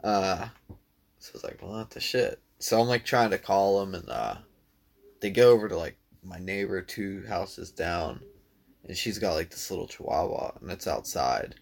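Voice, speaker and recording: Gravelly laid-back man telling a story. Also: low-pitched, moderate pace. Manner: laid-back, swears freely, says "dude" and "like" a lot. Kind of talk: casual storytelling chat.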